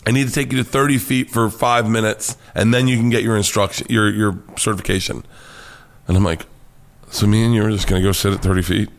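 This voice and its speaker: American male comedian, animated storyteller, swears freely, jumps into high-voiced impressions. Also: fast, creaky. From United States. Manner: excitable, swears freely, acts out quotes in a high voice. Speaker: guest comedian.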